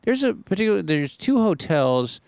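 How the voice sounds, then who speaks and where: A man's voice: high-pitched, big pitch swings, normal speed, gravelly, a little mellow, clean tone, no echo. A man hosting a podcast, telling family stories enthusiastically in casual comedic chat.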